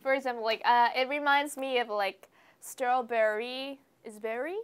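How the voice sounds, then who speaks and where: A woman's voice: on the high side, fairly even intonation, moderate pace, clear, resonant tone. A young woman co-hosting a live English lesson, cheerful and chatty, repeating words after her teacher. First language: Vietnamese. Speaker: show host.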